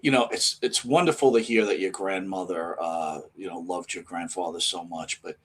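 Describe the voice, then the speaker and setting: A man co-hosting a wrestling interview show, talking excitably and stumbling over restarts. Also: low-pitched, moderate pace, husky. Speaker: podcast co-host. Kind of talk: conversational interview.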